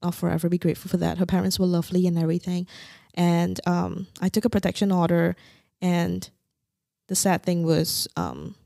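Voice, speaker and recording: A young woman from Singapore calmly and candidly telling a painful personal story as a podcast guest. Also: lowish voice, moderate pace, creaky, no echo, clean studio sound. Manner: candid, quietly recounting painful memories.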